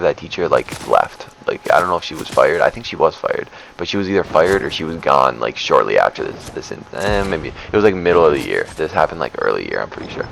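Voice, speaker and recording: A man's voice: a bass voice, creaky, slight background noise, poor audio. A young man telling a rambling, profane story in a casual storytime with lots of fillers. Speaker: storyteller vlogger.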